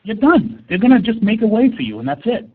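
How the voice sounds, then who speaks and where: A man's voice: high voice, sing-song, fast talker. Blunt man on a tinny phone line. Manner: blunt, repeats words, frank about money. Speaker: car salesman guest. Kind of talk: casual interview on a webinar. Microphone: phone call.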